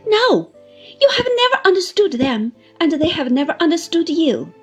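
A woman's voice: very high-pitched, big pitch swings, moderate pace, soft background music, pitched above the performer's own voice. A woman voicing a genteel, earnest middle-aged wife who speaks in a lofty, emphatic, long-winded way. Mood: insistent.

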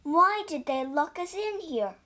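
A woman's voice: very high voice, expressive, unhurried, pushed and bright, pitched above the performer's own voice, full character voice. A woman voicing a stern male monk who scolds his companions, in a storybook reading. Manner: scolding, earnest.

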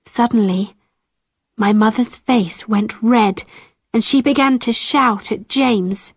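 Slow, deliberate woman narrating an audiobook. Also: a little high, breathy edge, no echo, clean studio sound.

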